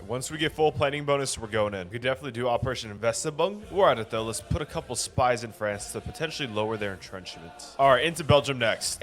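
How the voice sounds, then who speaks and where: A young man giving casual, slangy commentary over a strategy game he is playing, often calling out to viewers and reacting with excitement. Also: mid-range voice. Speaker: gaming YouTuber.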